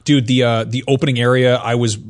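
A man in a relaxed group chat about video games, his voice sitting at an ordinary middle pitch. He rambles with fillers and restarts, now and then jumping into goofy high voices to act out characters. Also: a little fast. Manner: animated, jumps into high silly voices for impressions. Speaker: podcast co-host.

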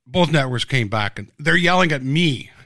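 A man telling behind-the-scenes stories in a blunt, animated way, cursing freely. His voice sits at a middle pitch and sounds dry and close, with little room sound. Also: moderate pace, no echo. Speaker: TV series creator. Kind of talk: casual reminiscing chat.

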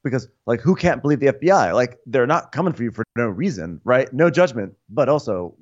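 A man's voice: medium pitch, lively intonation, brisk. A man co-hosting a podcast, recapping with wry asides and laughter. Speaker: podcast co-host. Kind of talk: casual recap chat. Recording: dull, muffled sound.

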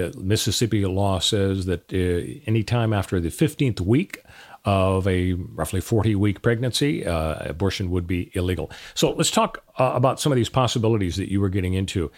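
Brief: male podcast co-host, lawyer, walks through legal options in a casual, halting way. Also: deep voice. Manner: explanatory, laying out options with frequent "uh" fillers.

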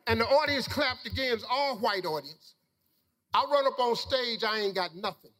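Middle-aged male speaker, very high pitch, folksy preacher-style storytelling to an audience. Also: moderate pace, big-room sound, noisy background. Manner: folksy, preacher-like storytelling with Southern Black vernacular. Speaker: motivational speaker. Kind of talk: storytelling talk to a live audience.

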